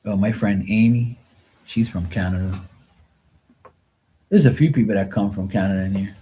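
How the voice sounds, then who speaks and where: Low, mellow Bermudian man chatting. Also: normal speed. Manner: rambling, chatty, answers viewers loosely. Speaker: live-stream tarot reader. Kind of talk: casual live-stream chat.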